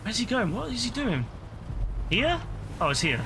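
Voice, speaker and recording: A high, sing-song voice and fast delivery mark this tired man streaming a game. He keeps exclaiming in frustration to himself and the game, his voice starting to crack, with game noise clearly audible behind the live commentary.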